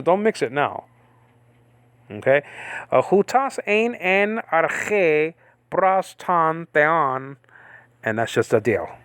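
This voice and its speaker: A man's voice: a little high, dry recording. A man giving an informal Bible-study lecture, rambling with many fillers and frequent checks of "okay?" with his listeners. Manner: rambling, filler-heavy, keeps asking "okay?". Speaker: Bible teacher.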